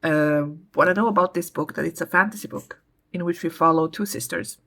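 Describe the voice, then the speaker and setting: A woman's voice: on the low side, a little fast, gravelly, fairly bright tone. A woman hosting a casual book vlog, chatting in a rambling way with frequent hesitations. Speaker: book vlogger, channel host.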